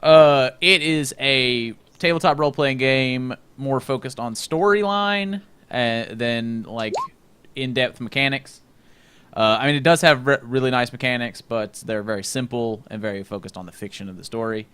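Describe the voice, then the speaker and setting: Bright-voiced joking stream host. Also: male voice, medium pitch, normal speed, smooth. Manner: joking, laughs often, swears. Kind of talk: casual chat.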